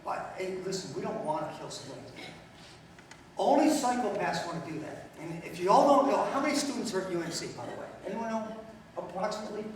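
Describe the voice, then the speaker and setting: A middle-aged man with a high, animated voice gives a quick-paced talk in a lecture hall, telling stories bluntly, cracking jokes and putting questions to the audience. He stands far from the mic, so the recording is very echoey, with slight background noise.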